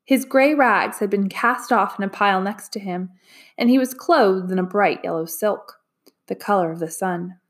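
A woman narrating a storybook in a calm, even way. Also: mid-range voice, moderate pace. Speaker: audiobook narrator. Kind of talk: storybook reading.

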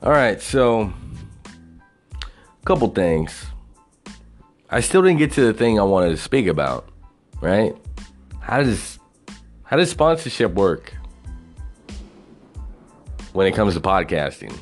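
A man's voice: fairly low pitch, sing-song, takes it slowly, long pauses, faint music behind. A man hosting a podcast alone, rambling and swearing a lot, laughing at his own jokes. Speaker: podcast host. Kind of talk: casual solo podcast rant.

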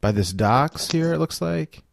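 A man's voice: a little high, animated, unhurried, gravelly, no echo. A man in casual podcast chat, eagerly chiming in with questions. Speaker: podcast co-host.

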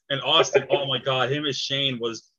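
A man's voice: medium pitch, bright, forceful tone. A man interviewing a filmmaker in a casual chat, enthusiastic and laughing often. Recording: dull lo-fi audio.

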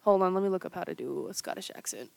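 A woman's voice: on the low side, fast talker, gravelly, a little mellow, no room sound. A woman casually reading movie scripts aloud for fun, joking and laughing between lines.

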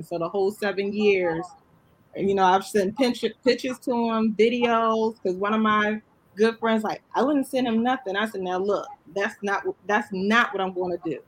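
A man's voice: sits high, fairly bright tone, a little hiss or hum, poor audio. A man, a guest, telling a personal story in plain, earnest talk. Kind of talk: casual chat.

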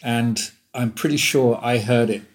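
A man's voice: medium pitch, a little slow. An older English man in his seventies, a guest telling stories in a rambling, amused way and laughing often. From England. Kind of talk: casual chat.

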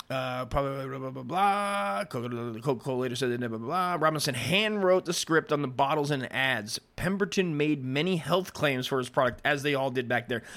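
A man's voice: medium pitch, moderate pace, a bit bright. A man hosting a podcast, reading history aloud and breaking off into rambling, profane asides, and he often stumbles over the written words. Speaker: podcast host.

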